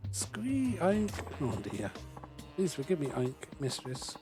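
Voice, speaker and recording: A man's voice: medium pitch, a little slow, over music, natural voice. A man reading a fawning middle-aged client who begs and oinks, in a somewhat raised voice. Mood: begging. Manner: pleading, squeals and oinks.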